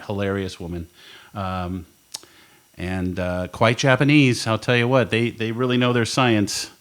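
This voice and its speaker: In a recording studio, a male podcast co-host tells a long story during casual chat, laughing and swearing along the way. His voice is mid-range with a fairly bright tone.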